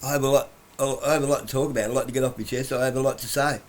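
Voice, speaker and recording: A man's voice: medium pitch, steady tone, very fast. A man talking in a blunt, profane, rambling monologue from his couch at home, breaking into laughs now and then. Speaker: vlogger.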